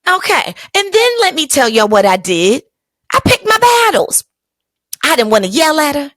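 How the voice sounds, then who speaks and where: A woman's voice: sits high, big pitch swings, normal speed, a bit bright, no room sound. A woman hosting a podcast, telling a personal story in an emphatic, colloquial, motivational way. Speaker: podcast host.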